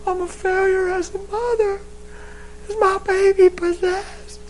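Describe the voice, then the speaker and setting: A man's voice: level tone, measured pace, slight background noise, poor audio. A male preacher voicing an anxious young mother who frets, near tears, that she is failing. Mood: fretful. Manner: high, fretful and near tears.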